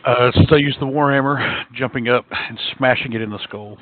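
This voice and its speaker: A man's voice: medium pitch, steady tone, fairly quick. A man playing a tabletop game, chatting in a laid-back way. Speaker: player. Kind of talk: casual tabletop game chat. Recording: tinny phone-like call audio.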